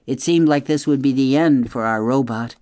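A middle-aged woman with an extremely low-pitched voice reads a children's novel aloud on the radio at normal speed, expressive and addressing the listener directly. She then signs off as host. The recording is dry, with clean studio sound.

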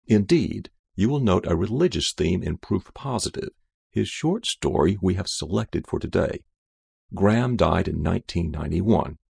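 A man giving a measured, unhurried scripted narration of a short story as the reader. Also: low-pitched, animated, vocal fry, darkish tone, husky.

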